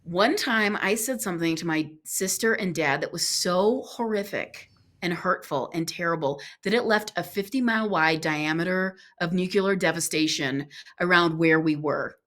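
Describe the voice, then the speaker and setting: A woman with a slightly low voice tells a long personal story as a podcast guest. She talks earnestly and with animation, acting out the lines of the people in her story. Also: moderate pace, fairly bright tone.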